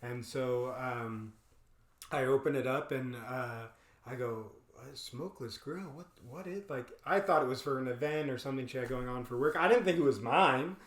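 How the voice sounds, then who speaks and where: A man's voice: medium pitch, normal speed. A man co-hosting a podcast, telling a story in casual chat, laughing often and acting out what people said. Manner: animated storyteller, laughs often, acts out quoted lines. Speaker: podcast co-host. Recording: echoey room.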